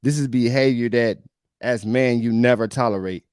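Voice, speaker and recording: A man's voice: mid-range voice, moderate pace, a little mellow, smooth, no room sound, clean studio sound. A male podcast host giving emphatic, preachy reaction commentary on a video, often repeating himself.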